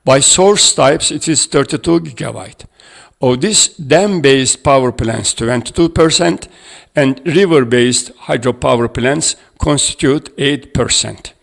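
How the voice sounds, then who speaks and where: A man giving an academic conference presentation, halting and hesitant as he reads out figures from his slides. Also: mid-range voice, creaky. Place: conference room.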